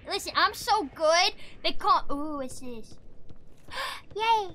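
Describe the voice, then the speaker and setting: A woman streaming a video game live, playful and dramatic, with baby talk and loud outbursts at enemies. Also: very high voice, lively intonation, slow pace, a little hiss or hum.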